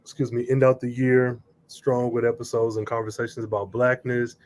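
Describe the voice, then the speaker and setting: A man's voice: mid-range voice, flat delivery, a little mellow, a little hiss or hum. A man who is a guest on a podcast, speaking in casual, easygoing conversation. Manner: easygoing, short affirmations, unhurried. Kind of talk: casual interview chat.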